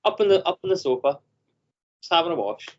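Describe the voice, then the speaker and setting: Lively man telling stories. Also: fairly high pitch, fast talker, muffled recording. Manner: animated storyteller, acts out voices. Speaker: podcast co-host. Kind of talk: casual chat. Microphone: video call.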